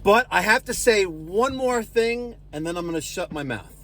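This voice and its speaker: Salesy pitchman HVAC guy, slightly high voice. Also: lively intonation, normal speed, a bit bright. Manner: salesy infomercial pitchman patter. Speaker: HVAC contractor and show host. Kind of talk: casual on-the-job vlog talk. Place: residential installation job site.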